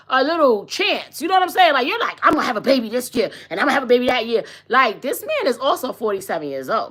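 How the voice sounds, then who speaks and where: Woman podcast host, forties, blunt slangy gossip, very animated pitch, bright tone. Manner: blunt, sassy, slangy and chatty. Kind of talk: casual celebrity gossip commentary.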